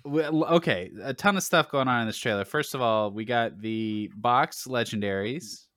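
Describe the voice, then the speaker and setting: A man hosting a casual gaming podcast, relaxed and joking, with lots of fillers. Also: mid-range voice, moderate pace, dry recording, clean studio sound. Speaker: podcast host.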